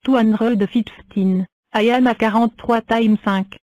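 A woman voicing a slow, higher cartoon number block. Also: dry recording, highs cut off, close to an everyday voice. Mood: plain. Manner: slow, flat self-introductions. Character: cheerful talking number block.

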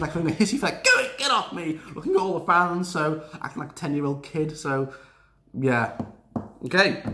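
Guy, slightly high voice, loose sarcastic recap rant to camera. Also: fairly bright tone. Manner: chatty, sarcastic, laughs often. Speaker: wrestling show reviewer.

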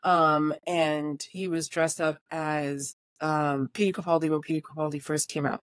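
Here the same kind of guest, a voiceover artist and filmmaker born in New Jersey and raised in England, talks in a low-pitched voice at an ordinary pace, with no room sound. Her American accent occasionally gives way to a British one. She spins animated anecdotes in a casual interview, laughing and doing spirited impressions of the people involved.

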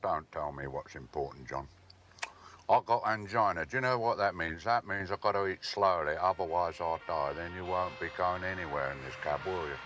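A man's voice: deep voice, normal speed, background noise, lightly acted. A man playing a surly, grumbling cabbie. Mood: grumpy. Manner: gruff, grumbling. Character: grumpy male cab driver, surly and complaining. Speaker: cab driver.

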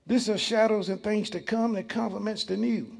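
Man, pastor, emphatic sermon, rhetorical questions, raspy voice. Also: high voice, steady tone, normal speed. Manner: emphatic preaching with rhetorical questions and call-outs.

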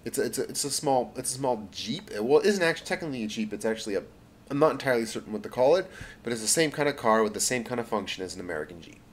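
A man's voice: medium pitch, expressive, racing. A man telling an improvised story in a rambling way, correcting himself often and adding asides. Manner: rambling, self-correcting, many fillers and asides.

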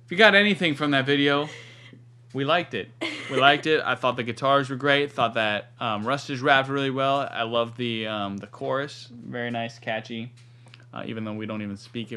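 A man's voice: mid-range voice, steady tone, normal speed, bright, forceful tone. A man co-hosting a casual reaction video, joking and playing mock-defensive with his co-host.

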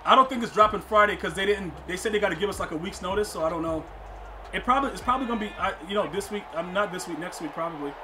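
High-voiced young man streaming a game. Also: very fast, background noise. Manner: rambling, laughing, repeats catchphrases, excitable outbursts. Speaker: gaming streamer. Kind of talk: casual live gameplay commentary.

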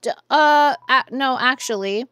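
A woman's voice: sits high, measured pace, fairly bright tone, smooth. A woman voicing a laid-back, slangy young male guard in armor from a video game. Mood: chill. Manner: slangy, drawling.

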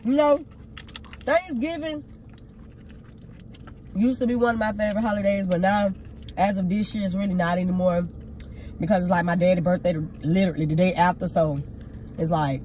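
A woman's voice: mid-range voice, fairly even intonation, normal speed, long pauses, mellow, a little hiss or hum. A woman vlogger chatting casually and candidly with her partner over a meal. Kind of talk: casual couple vlog chat while eating.

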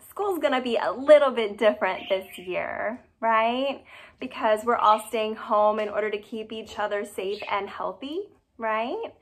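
A woman preschool teacher at home, talking to young children in an animated, questioning way. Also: mid-range voice. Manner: animated and questioning, exaggerated for kids. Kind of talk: addressing young children in a video. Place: her home, indoors.

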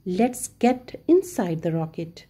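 A cautious young boy urging his friends to stay safe in a children's story, read by a woman. His lines come slowly and steadily in a mellow, breathy voice. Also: fairly low pitch, sing-song, full character voice. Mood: careful.

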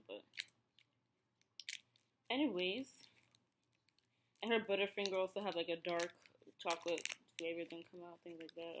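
A woman's voice: medium pitch, slight background noise. A woman in her thirties with an Ethiopian accent, chatting casually through a snack review with many fillers and restarts. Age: 30s. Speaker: vlogger.

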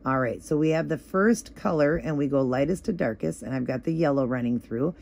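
A man hosting a casual nail art tutorial, talking viewers through each step in a relaxed, chatty way with plenty of ums and you-knows. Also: on the high side, brisk, gravelly.

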